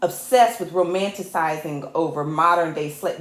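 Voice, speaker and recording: Woman host, low-ish voice, fired up and joking, live show from an echoey home set. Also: lively intonation, normal speed. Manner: impassioned and fired up, mixing jokes with anger; chatty, addresses viewers as y'all. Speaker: host and technical producer. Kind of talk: livestreamed talk show monologue. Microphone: camera mic.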